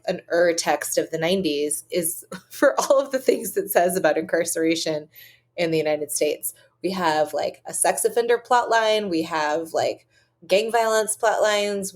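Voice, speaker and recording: A woman in her forties, a historian guest on a podcast, chatting eagerly with lots of fillers. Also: mid-range voice. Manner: enthusiastic, chatty, many "like" and "um". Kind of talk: casual chat.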